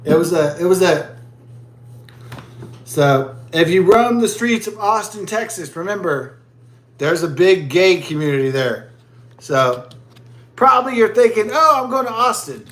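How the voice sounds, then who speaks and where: A man's voice: high voice, expressive, a little slow, pauses often, roomy sound. A man vlogging as he drinks a beer, telling a rambling story in crude, profane, rambling talk.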